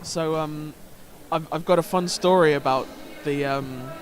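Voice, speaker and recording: Man, sports commentator, slightly high voice, halting delivery full of ums and restarts. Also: a little hiss or hum. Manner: hesitant, many fillers and restarts.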